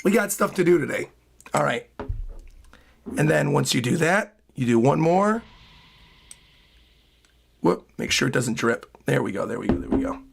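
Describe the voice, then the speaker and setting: A fairly high-pitched man talks casually on a live stream, his voice hoarse and worn out. There's a gravelly fry running through his speech, and he flips quickly from easy chatter into excited, loud hype. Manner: excitable, bursts into loud hyped yelling. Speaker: streamer reacting to a comic chapter. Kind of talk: casual livestream chat.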